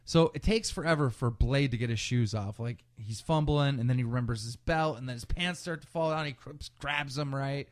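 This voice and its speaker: Dude on a podcast telling a wild story, swears a lot, mid pitch. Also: male voice, brisk, hardly any pauses. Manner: animated, profane, acts out quotes. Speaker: podcast co-host. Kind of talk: casual storytelling chat.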